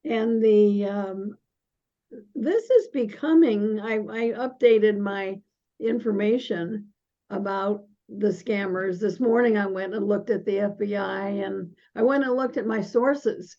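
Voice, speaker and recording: An older woman guest speaking in a casual conversation, halting and often restarting her sentences. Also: medium pitch, dark tone. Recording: dull lo-fi audio.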